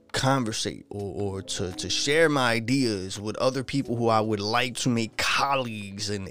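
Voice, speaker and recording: A man hosting a podcast, ranting in a casual, profane and frustrated monologue. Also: medium pitch.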